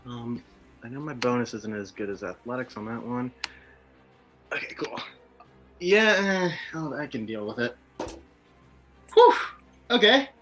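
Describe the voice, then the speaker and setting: A man's voice: medium pitch, lively intonation, unhurried, pauses often, a bit bright, faint music behind. A man playing a tabletop game, chatting casually, joking and swearing. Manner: profane, joking. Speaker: player.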